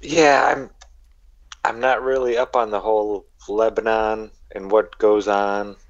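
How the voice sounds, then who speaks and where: A quiet man speaking haltingly in a casual live-stream chat. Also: lowish voice, flat delivery, no room sound, dull audio.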